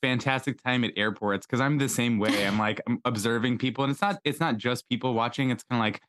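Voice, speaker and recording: A man co-hosting a podcast, talking with enthusiasm and a relatable, complimentary manner. His voice is smooth and resonant. The recording is dry and close. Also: medium pitch, fairly quick, fairly bright tone, dry recording. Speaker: podcast co-host. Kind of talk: casual conversational interview.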